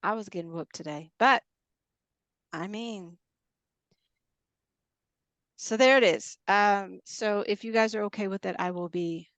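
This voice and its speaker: A woman's voice: medium pitch, measured pace, long pauses, no echo. Woman coach telling a story to her group. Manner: animated storyteller who re-enacts conversations. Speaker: life coach and ministry leader. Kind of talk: casual talk to a small group.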